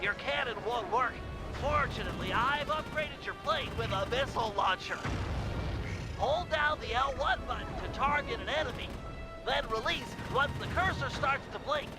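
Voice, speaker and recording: A man voicing a helpful mission advisor in a video game, giving the pilot calm, instructive briefings over game music. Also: extremely high pitch, normal speed, rough recording.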